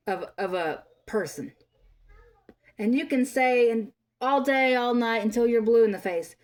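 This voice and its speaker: A woman in her thirties delivering an angry, profane commentary rant, scolding bluntly. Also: on the high side. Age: 30s. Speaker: vlogger.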